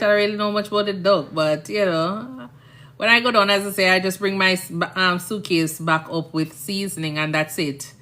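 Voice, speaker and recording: On a live stream, a thirtysomething nurse with a Jamaican accent chats and rambles, often checking "you understand?". Her voice is on the low side, pushed and bright.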